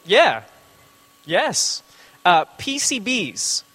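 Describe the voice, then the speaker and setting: A man's voice: high voice, wildly swooping pitch, extremely slow, pushed and bright, slightly rough. A man giving an informal classroom lecture, rambling with joking asides and lots of filler words.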